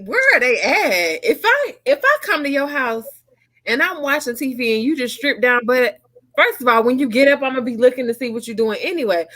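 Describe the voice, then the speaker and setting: A woman co-hosting a casual talk show, her voice sitting a touch high. She speaks bluntly and with emphasis. She laughs easily between points. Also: pushed and bright. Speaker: podcast co-host. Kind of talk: casual chat.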